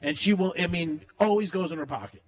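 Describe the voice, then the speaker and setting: A man's voice: high-pitched, a little fast. A man hosting a radio show, telling brash, joking stories and laughing a lot between live ad reads. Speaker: radio host.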